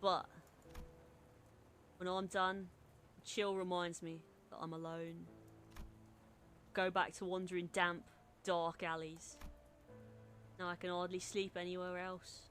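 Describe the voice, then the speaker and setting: A woman's voice: on the low side, level tone, takes it slowly, long pauses, fairly bright tone, faint music behind. A woman reading a streamed game's dialogue as a brooding young man, weary and bitter.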